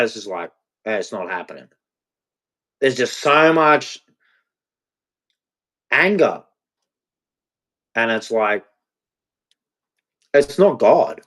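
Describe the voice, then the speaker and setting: A man in a confessional vlog monologue, speaking in a halting, repetitive way and swearing freely. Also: mid-range voice, fairly bright tone. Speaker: vlogger.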